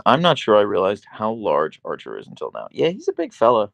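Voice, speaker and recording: A man hosting a casual livestream from a small bedroom, reading chat aloud and cooing at his dog in a high baby-talk voice. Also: wildly swooping pitch, brisk, creaky, few pauses, a bit bright, no echo.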